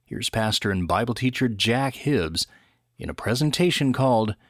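A man announcing a radio show, reading a scripted introduction in a smooth announcer manner. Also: medium pitch, lively intonation, moderate pace, fairly bright tone, no echo, studio quality.

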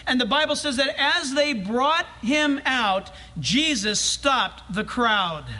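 A male pastor preaching a sermon in a church, animated and humorous, acting out scenes as he tells them. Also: very high voice.

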